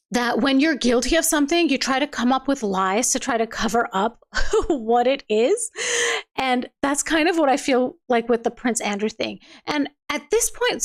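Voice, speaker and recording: Livestream host, young woman, high voice, chatty and giggly, restarts sentences often. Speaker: livestream host reading viewer comments. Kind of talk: casual chat.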